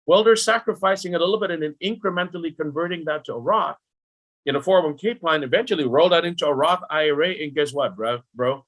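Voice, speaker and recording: A middle-aged man explaining retirement planning as a podcast guest, lively and full of rhetorical questions aimed at the listener. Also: a little high, brisk. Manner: animated, rhetorical questions, talks directly to the listener.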